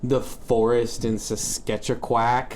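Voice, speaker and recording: A man's voice: medium pitch, little pitch movement, slow, over a noisy crowd. A young man co-hosting a casual podcast chat, laid-back and rambling. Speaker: podcast co-host.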